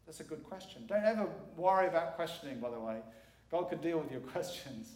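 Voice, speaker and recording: A man's voice: on the high side, brisk, few pauses, a little mellow. A middle-aged man preaching as a guest speaker, earnest and emphatic, repeating words for weight. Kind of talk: sermon. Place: church sanctuary. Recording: echoey church hall.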